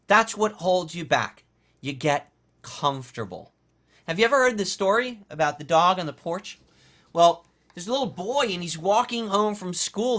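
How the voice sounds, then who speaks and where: A man's voice: on the high side, pushed and bright. Emphatic motivational man. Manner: emphatic, repeats phrases for effect. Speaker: motivational business coach. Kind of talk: motivational talk recapping a webinar.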